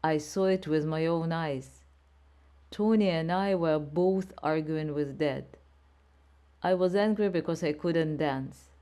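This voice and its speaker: Slow, low-voiced woman narrator. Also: mellow. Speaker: audiobook narrator. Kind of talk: slow scripted narration for learners.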